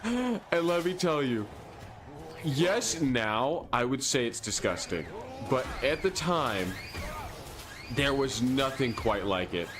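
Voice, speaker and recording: A man streamer casually telling a childhood story in an animated, self-deprecating way, laughing often. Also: mid-range voice, slow pace.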